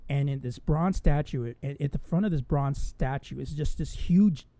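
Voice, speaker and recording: A man's voice: on the high side, normal speed, mellow, no echo. A man co-hosting a casual podcast, ranting with a lot of swearing and frequent laughs. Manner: profane, ranting, laughs often. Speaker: podcast co-host. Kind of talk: casual chat.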